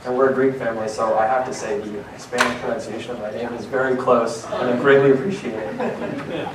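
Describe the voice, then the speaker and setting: A young man giving a prepared conference talk, earnest and a bit halting, with fillers between points. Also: medium pitch. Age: young adult. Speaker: conference speaker. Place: conference hall. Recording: roomy, distant mic, faint noise.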